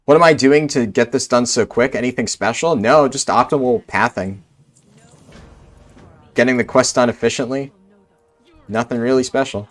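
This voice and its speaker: A young man from New Jersey chats easily with his viewers while he plays a game. He rambles along with plenty of fillers, in a relaxed and unhurried way. His voice sits at a medium pitch. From Central New Jersey. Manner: rambling and laid-back, many "like" fillers. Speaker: game streamer. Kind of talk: casual chat answering live chat.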